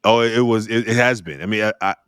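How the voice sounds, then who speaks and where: A middle-aged man hosting an interview podcast, talking in a lively storytelling way. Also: quick pace, clean tone, no room sound, clean studio sound. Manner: animated storyteller, jumps high when acting out exchanges. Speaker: podcast host. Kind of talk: conversational interview.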